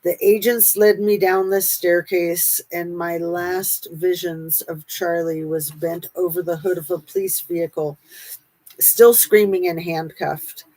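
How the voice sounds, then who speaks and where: A woman reads a memoir aloud at a slow, deliberate pace. Her voice sits a little low. She keeps a steady, unhurried reading manner with small pauses. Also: low-quality recording.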